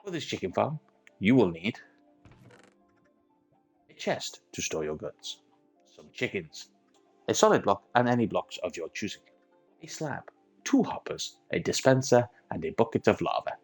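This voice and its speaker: A man's voice: on the low side, very animated, normal speed, pauses often, faint music behind. A man presenting a game tutorial voice-over, explaining the steps one by one in an accent he admits keeps wandering. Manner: methodical step-by-step explaining.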